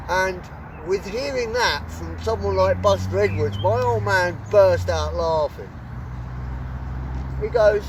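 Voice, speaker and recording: A man's voice: high voice, slow. A man telling a story outdoors by a country road, in a chatty manner that corrects itself as he goes. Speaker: vlogger. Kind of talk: casual storytelling. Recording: distant mic with loud outdoor noise.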